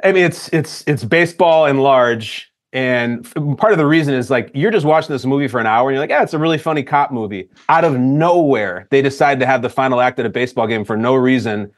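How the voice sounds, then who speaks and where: An American man co-hosts a casual movie podcast, enthusiastic and quick to jump in with reactions. His voice sits at a medium pitch. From United States. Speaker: podcast co-host.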